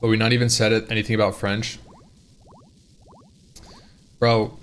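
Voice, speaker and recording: A man's voice: fairly low pitch, level tone, normal speed. A man streaming live, chatting casually and rambling with his viewers, often repeating and restarting his words.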